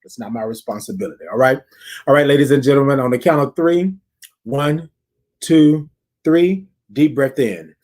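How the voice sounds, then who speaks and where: A man's voice: medium pitch, moderate pace, darkish tone. A man hosting a casual live-stream check-in, leading his listeners through breathing exercises and talking straight to them with lots of repeated phrases. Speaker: podcast host.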